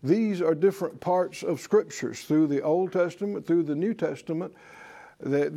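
Male preacher-teacher, higher register, warm and mellow, drives points home by repetition. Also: a little slow, creaky. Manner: emphatic, repetitive, leads call-and-response. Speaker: preacher teaching a faith class. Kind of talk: sermon-style Bible teaching.

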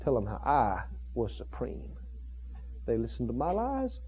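A preacher acting out the devil as a sly, boastful male figure, speaking low and hushed as he savors his wins. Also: huge pitch swings, a little slow, breathy edge, lo-fi sound, heavily acted. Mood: gloating.

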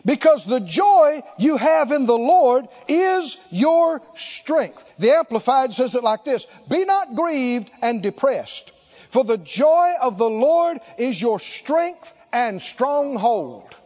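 A man's voice: extremely high pitch, sing-song, slow pace, a little mellow, lo-fi sound. A man preaching a sermon, emphatic and exclaiming, repeating short phrases for effect.

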